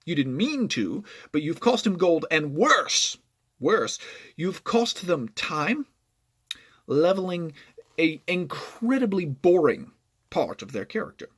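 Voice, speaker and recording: A man's voice: fairly high pitch, big pitch swings, takes it slowly, fairly bright tone, slightly rough. A man telling a storytime vlog about online gaming, explaining at length and checking in with "right?". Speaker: gaming vlogger.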